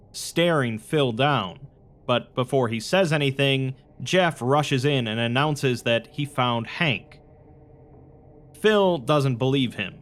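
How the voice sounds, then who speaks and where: A man giving a steady, matter-of-fact scripted narration that recaps a film's plot. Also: mid-range voice. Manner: even, matter-of-fact retelling.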